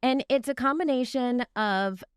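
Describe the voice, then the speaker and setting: A woman's voice: on the high side, measured pace, clear, resonant tone, dry recording, studio quality. A woman co-hosting a podcast, chatting casually and giggling at herself as she describes her baking. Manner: animated, giggly, self-deprecating. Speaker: podcast co-host, baker. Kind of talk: casual chat.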